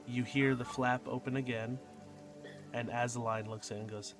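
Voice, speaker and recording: A mid-pitched man runs a tabletop game, describing scenes and speaking to players by their characters' names. Music plays clearly underneath. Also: level tone, normal speed. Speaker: game master. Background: background music.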